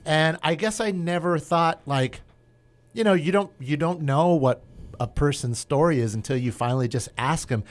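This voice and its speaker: Host, man, a touch higher-pitched, warm encouraging back-and-forth with his guest. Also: moderate pace. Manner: encouraging, lots of backchannel agreement. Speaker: podcast host. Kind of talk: casual interview chat.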